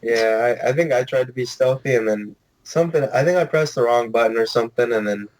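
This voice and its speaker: A man on a casual gaming podcast, chiming in with short agreements and his own quick memories of playing. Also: mid-range voice, low-quality recording. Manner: laid-back, chimes in with short agreements. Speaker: podcast co-host. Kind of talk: casual game chat.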